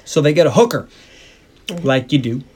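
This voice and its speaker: A man's voice: mid-range voice, animated, moderate pace, darkish tone. A man co-hosting a movie podcast, retelling scenes in casual chat and laughing often. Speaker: podcast co-host.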